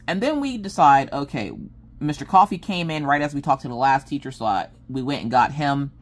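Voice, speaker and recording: A woman's voice: a bass voice, lively intonation, a little fast. A woman vlogger chatting while she crafts, drifting from her project into a long anecdote. She tells it in a loose, rambling way and voices the people in it as she goes. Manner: rambling storyteller who acts out quoted dialogue. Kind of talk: casual chat while crafting.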